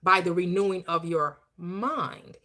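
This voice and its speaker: A woman hosting a live online discussion, quoting scripture in a slow, emphatic, preaching cadence and talking in a casual dialect. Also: fairly low pitch, sharp tone. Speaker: host of an online live audio room.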